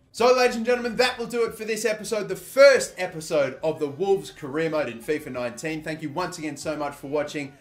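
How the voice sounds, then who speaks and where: Excitable Australian gamer man, higher voice. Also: a little fast, hardly any pauses. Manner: excitable, swears often, shouts at big moments. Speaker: gaming YouTuber. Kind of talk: live game commentary.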